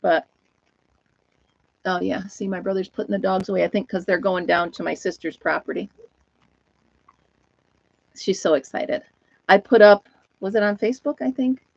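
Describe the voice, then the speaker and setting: A woman's voice: mid-range voice, moderate pace, vocal fry, pauses often, dry recording. An older retired woman chatting casually on a live stream from home, rambling and laughing often. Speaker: host of a live knitting chat stream. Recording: dull, lo-fi, dry sound.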